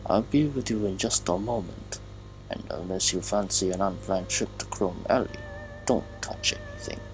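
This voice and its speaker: A man voicing a pleasant, cultured man in a trench coat, speaking with a put-on Russian accent in a courteous, unhurried way. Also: lowish voice, wildly swooping pitch, over music, poor audio.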